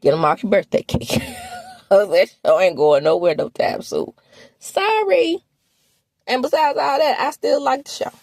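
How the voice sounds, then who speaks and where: A woman from the American South with a Southern accent, recapping reality TV in sassy, animated casual commentary. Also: normal speed, creaky, no room sound. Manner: sassy, animated, with laughs and sudden high exclamations.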